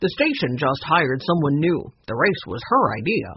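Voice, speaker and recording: A man's voice: fairly high pitch, very animated, moderate pace, husky, no echo, dull audio, full character voice. A man voicing a friendly middle-aged radio station owner who explains things kindly. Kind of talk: audiobook character reading.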